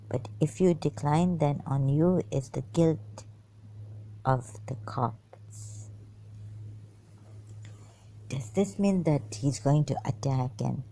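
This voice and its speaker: A woman with a low, mellow voice reads old texts aloud and stops to comment on them. She talks slowly and hesitantly, puzzling over words and sometimes dropping into a whisper. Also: low-quality recording. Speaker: channel host.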